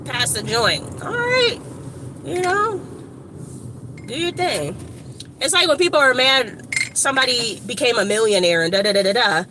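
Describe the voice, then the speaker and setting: A woman from Evanston, Illinois, giving a casual, rambling motivational talk to her phone camera outdoors, slangy and animated with lots of asides. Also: sits high, moderate pace, long pauses. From Evanston, Illinois, USA. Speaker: motivational vlogger. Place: outdoors by a street with shops. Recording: outdoor traffic noise.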